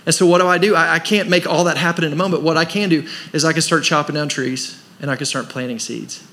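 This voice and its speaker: A man's voice: on the high side, steady tone, fast, bright, forceful tone, slight background noise. A man preaching a sermon as pastor of a church, pressing his points with rhetorical questions and rising emphasis. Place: church service.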